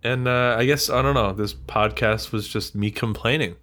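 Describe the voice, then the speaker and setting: A man's voice: medium pitch, normal speed, a bit bright. A man hosting a solo podcast, talking in a bitter, rambling, self-mocking rant with swearing. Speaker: podcast host.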